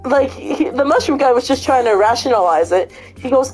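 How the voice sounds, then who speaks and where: Higher-pitched woman vlogger, swears a lot, animated storyteller. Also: normal speed, few pauses, faint music behind. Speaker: vlog host. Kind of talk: casual chat and retelling.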